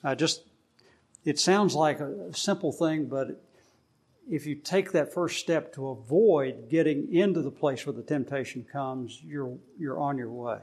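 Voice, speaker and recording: A middle-aged man leads a small Bible study group in an easy, conversational way. He often stops and restarts his sentences and fills pauses as he teaches. His pitch sits a little above the usual for a man. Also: a little mellow, husky. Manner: plain, conversational, with many fillers and restarts.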